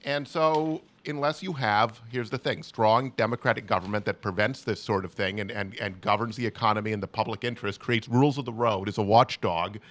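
A man's voice: fairly low pitch, a bit bright, dry recording. A man co-hosting a political talk show, explaining the news earnestly with frequent restarts. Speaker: co-host.

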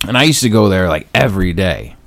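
A man co-hosting a casual chat show, telling a profane story and loudly acting out what people said. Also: low-pitched, quick pace. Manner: profane, animated storyteller, loud acted-out quotes.

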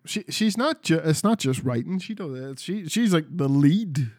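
A man's voice: fairly high pitch, animated, normal speed, darkish tone, no echo, studio quality. A man chatting casually about video games as a podcast co-host, rambling and swearing freely. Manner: sweary, rambling, restarts a lot.

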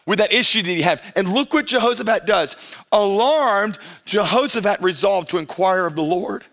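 A middle-aged male pastor with a strikingly high voice gives an energetic sermon in a relaxed, conversational manner. He often slows way down to stretch out key phrases for emphasis, and occasionally mimics briefly how churchgoers might speak.

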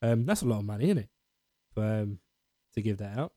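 A man's voice: lowish voice, lively intonation, a little fast, warm tone, no echo. A man with an Essex accent hosting his podcast segment, rambling and self-mocking in casual chat. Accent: Essex English.

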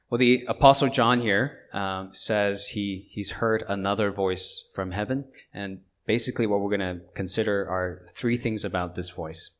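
A man preaching a sermon as pastor, earnest and emphatic, with pauses and fillers between points. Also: on the low side, fairly bright tone.

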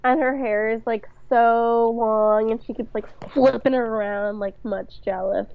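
Brief: young woman, mid-pitch, relaxed co-host, dry muffled lo-fi recording. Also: a little slow, dry recording. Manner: laid-back, agreeing, lots of "like". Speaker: podcast co-host. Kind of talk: casual chat. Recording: dry, dull lo-fi mic.

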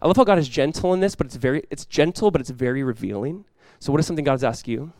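Pastor, male, fast and animated, conversational sermon, dry close sound. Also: mid-range voice, no room sound. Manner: animated, conversational preaching with quick acted-out asides.

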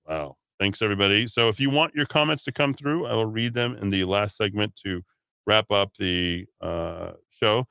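A man's voice: fairly low pitch, moderate pace, vocal fry, bright, forceful tone, smooth, no room sound. A man hosting talk radio, reading listener comments aloud with blunt, sardonic asides.

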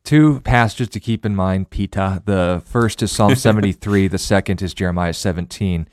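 A man co-host on a ministry radio show, answering a listener's question in a measured, explanatory way and reading scripture aloud. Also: sits low, a little mellow, no room sound. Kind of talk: radio Bible teaching.

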